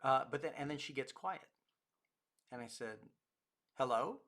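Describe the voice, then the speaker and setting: A male pastor gives a recorded lecture and tells anecdotes in a relaxed, conversational way. His voice is bright and forward at a middle pitch. He acts out the other people's lines as he goes. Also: moderate pace. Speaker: pastor and course teacher.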